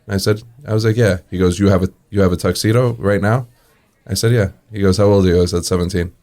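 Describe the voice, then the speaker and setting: A low-voiced man, a restaurant owner who is a guest on an interview. He relaxes into long anecdotes, acts out the quoted dialogue and chuckles as he goes. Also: steady tone, quick pace, a little mellow. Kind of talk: casual storytelling in an interview.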